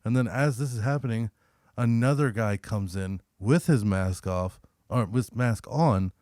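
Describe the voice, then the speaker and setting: A young man co-hosting a podcast, telling a story in a casual, profane, animated way and acting out the other people's lines. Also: lowish voice, measured pace, no room sound, studio quality. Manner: profane, animated storyteller who acts out quotes. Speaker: podcast co-host.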